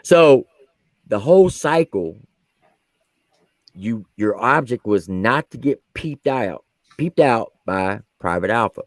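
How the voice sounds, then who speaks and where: Animated male storyteller with a lively voice. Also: medium pitch, takes it slowly, long pauses, dry recording. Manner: animated, acts out quotes, casual slang. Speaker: podcast co-host, army veteran and former drill sergeant. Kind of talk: casual storytelling on a podcast.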